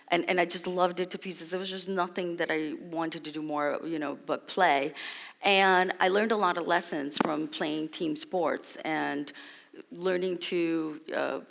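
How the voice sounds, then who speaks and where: A woman speaking in a measured, reflective way as a panelist at a conference, pausing on fillers. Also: low-pitched, vocal fry. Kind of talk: panel discussion. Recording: reverberant hall.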